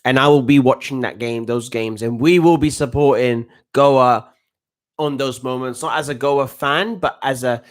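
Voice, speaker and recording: A man giving a casual, rambling live reaction to a football match as a coach, full of restarts and slang. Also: medium pitch. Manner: excitable, rambling, with frequent restarts and slang like "bruv".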